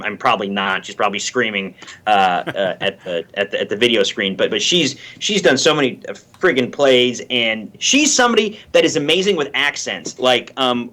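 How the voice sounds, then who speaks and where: A man chatting on a podcast over a video call, halting and repeating words as he tells stories. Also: mid-range voice, pushed and bright. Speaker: guest actor and producer. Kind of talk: casual podcast chat.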